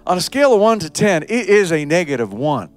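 A man preaching a sermon in an animated way, acting out short scenes with changing voices. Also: high-pitched, brisk, faint music behind. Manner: animated preaching, acts out voices of parents, children and Jesus. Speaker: pastor.

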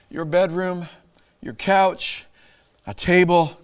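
A middle-aged man preaching a sermon, animated, laughing often and acting out lines in a raised voice. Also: on the high side, moderate pace, clear, resonant tone. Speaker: pastor.

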